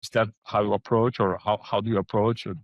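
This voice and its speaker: Low gravelly man hosting a podcast. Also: flat delivery, dry recording, highs cut off. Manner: searching, halting, with many restarts and "like". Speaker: podcast host. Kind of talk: casual interview conversation.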